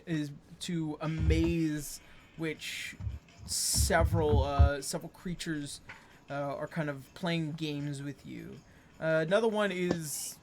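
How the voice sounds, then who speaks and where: Halting, filler-heavy game master narration. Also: mid-range voice, a little hiss or hum.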